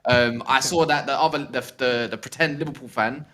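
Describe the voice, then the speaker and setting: A man's voice: mid-range voice, fairly even intonation, brisk, fairly bright tone, a little hiss or hum. A man, a panelist on a video-call football show, teasing the others in slang-heavy banter. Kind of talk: casual banter on a football podcast.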